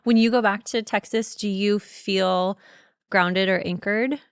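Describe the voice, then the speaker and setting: Woman podcast host, unhurried, middle pitch, dry close sound. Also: fairly even intonation, clear, resonant tone, no room sound. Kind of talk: casual interview.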